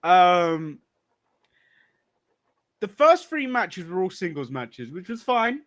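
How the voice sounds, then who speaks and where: High-voiced man joking in casual chat. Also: sing-song, takes it slowly, fairly bright tone. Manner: dry jokes, chuckles between lines. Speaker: podcast co-host. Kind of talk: casual wrestling recap chat.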